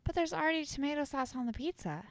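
A young woman co-hosting a casual chat show, giving animated, opinionated takes on food habits. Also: high voice, fast, dry recording, studio quality. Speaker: podcast co-host.

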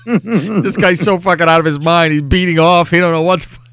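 A man's voice: fairly high pitch, a little fast, clear, resonant tone. A man hosting a podcast, telling a crude story with lots of swearing and acting out what people said. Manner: profane, animated, acts out quotes. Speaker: podcast host.

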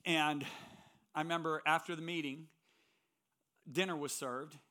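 A man's voice: a little high, fairly even intonation, measured pace, bright, forceful tone. A man preaching as a guest speaker in a church, telling stories with strong emphasis. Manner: storytelling, emphatic. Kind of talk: sermon with personal stories.

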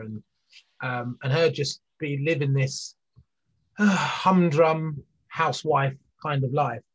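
Husky man, rambling and muffled. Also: mid-range voice. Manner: rambling, many restarts and fillers. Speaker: guest, business leader. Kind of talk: conversational interview.

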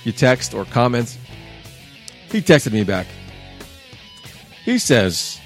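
A man in his thirties hosting a casual talk show, chatty and sarcastic with lively asides. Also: medium pitch, slow pace, long pauses, soft background music. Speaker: podcast host.

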